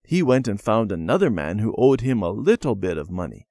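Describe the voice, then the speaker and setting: Brief: man voicing a sulky boy, near his own voice, lively pitch, dry. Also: fairly quick, dry recording. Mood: telling. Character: young boy, stubborn then forgiving.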